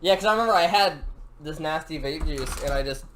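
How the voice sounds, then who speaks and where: A man's voice: a little high, a little fast, a bit bright, slight background noise. A young man co-hosting a podcast, teasing his friends and cracking crude jokes. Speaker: podcast co-host. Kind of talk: casual chat.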